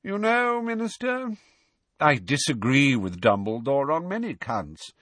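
A man voicing a haughty old male portrait figure with a high, languid drawl. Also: big pitch swings, measured pace, a bit bright, no room sound. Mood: wry.

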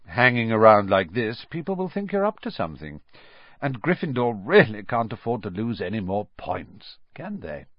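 A man voicing a cold, sly male schoolmaster who talks smoothly and with a sneer in an audiobook. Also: lowish voice, big pitch swings, normal speed, dry recording, dull audio. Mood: smooth menacing.

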